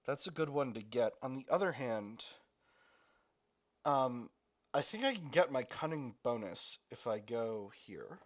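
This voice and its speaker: A man's voice: mid-range voice, big pitch swings, a little slow. A man giving casual gameplay commentary, thinking aloud, laughing easily and stumbling over his words. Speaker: let's play host.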